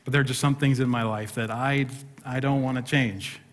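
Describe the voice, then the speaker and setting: A middle-aged pastor preaches a sermon in a church sanctuary, telling a self-deprecating story with humor. His voice is mid-range with fairly even intonation at a normal speed. There's slight background noise and a long hall reverb.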